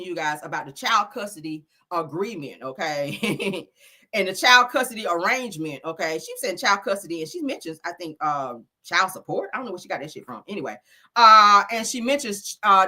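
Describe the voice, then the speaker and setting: A woman hosts a gossip commentary show, sassy and profane. She laughs often and mimics the people she talks about. Her bright voice swings lively up and down. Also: mid-range voice.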